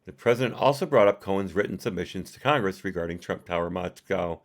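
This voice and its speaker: Low-voiced man reading a report aloud. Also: expressive, fast. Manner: reads punctuation aloud and adds personal asides. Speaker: reader and commentator. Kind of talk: live reading of a report with commentary.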